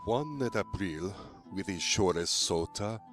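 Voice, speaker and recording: A man voicing a grave reader of old verse, very low in pitch and very slow. Faint music plays under him. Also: expressive, a bit bright. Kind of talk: recited Middle English verse.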